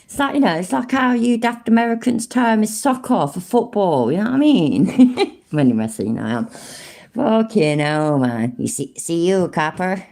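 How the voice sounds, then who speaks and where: A woman's voice: mid-range voice, big pitch swings, normal speed, gravelly, dark tone. A British woman hosting a reaction video, commenting casually in a sweary, sarcastic way and laughing often.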